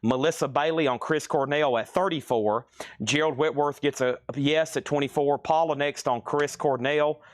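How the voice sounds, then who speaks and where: A man hosting a live-streamed record sale, chatting quickly through prices and buyer names, a bit out of breath. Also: mid-range voice, clear, resonant tone, no room sound, studio quality.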